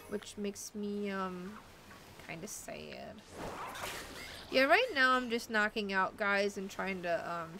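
A woman's voice: medium pitch, background noise. A woman streamer chatting and rambling casually as she plays a video game. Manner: rambling, chatty, thinking aloud. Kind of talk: casual chat while playing a video game.

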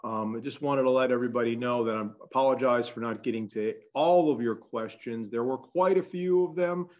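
A man moderating an event, giving halting closing remarks full of fillers. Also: medium pitch, darkish tone. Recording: dull lo-fi audio.

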